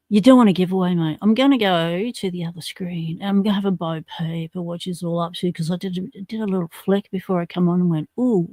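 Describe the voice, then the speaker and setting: A woman's voice: lowish voice, warm tone, no echo. An Australian woman hosting a livestream, chatting in a casual, slangy way as she greets viewers and reads out their comments. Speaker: livestream host.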